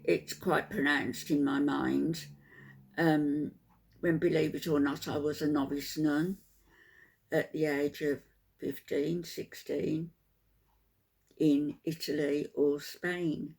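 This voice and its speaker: An older woman, softly spoken and tired after a sleepless night, chatting to her viewers in a halting way with many ums. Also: sits low, little pitch movement, vocal fry, breathy edge. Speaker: vlogger. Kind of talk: casual chat to camera.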